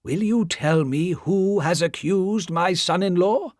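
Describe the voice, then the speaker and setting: A man's voice: high-pitched, slow pace, a little mellow, no echo, studio quality, pitched above the performer's own voice. A man voicing a proud, reassuring elderly doctor who speaks in a raised voice. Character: Doctor Manette, proud elderly father figure.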